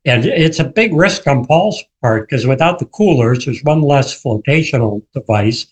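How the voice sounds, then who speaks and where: Male author guest, mid-pitched, animated storyteller on a radio interview. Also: moderate pace, slightly rough, poor audio. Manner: vivid storyteller, acts out quoted shouts.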